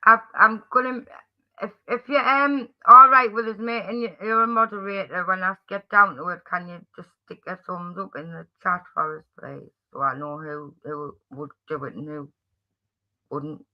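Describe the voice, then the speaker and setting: A friendly man with a Geordie accent chats on a livestream in a fairly high voice, rambling a little and restarting his sentences as he greets his viewers by name. The sound is a bit dull and muffled. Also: steady tone, normal speed. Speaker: livestream host.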